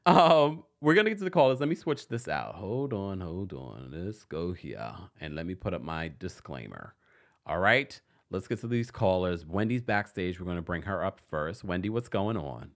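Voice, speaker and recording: A man's voice: low voice, moderate pace. A man hosting a live call-in stream, reading viewer messages aloud and laughing often. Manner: animated, laughs often, reads super chats aloud. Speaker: host.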